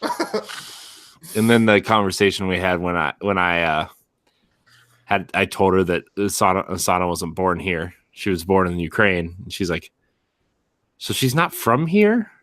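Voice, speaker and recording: A man co-hosting a casual podcast, recalling a family talk in a rambling, halting way. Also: low-pitched, fairly even intonation, fairly bright tone, dry recording. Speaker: podcast co-host. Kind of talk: casual chat.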